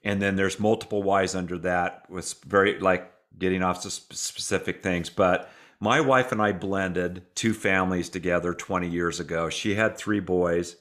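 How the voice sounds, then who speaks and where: This middle-aged man speaks as an interview guest in an earnest, heartfelt way. His voice sits a little low, and he talks through his story with sincere conviction. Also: fairly even intonation, moderate pace, hardly any pauses, a bit bright. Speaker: guest author. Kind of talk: interview conversation.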